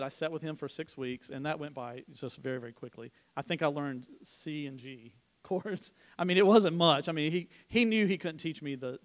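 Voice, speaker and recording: A middle-aged man giving a conversational sermon at church, telling personal stories with informal restarts and asides. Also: fairly high pitch. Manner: informal storytelling, frequent restarts. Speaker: church speaker.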